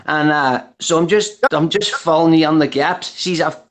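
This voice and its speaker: A man's voice: on the high side, normal speed, a bit bright. Rambling man swearing in casual chat. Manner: rambling, heavy cursing, stop-start. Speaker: guest caller.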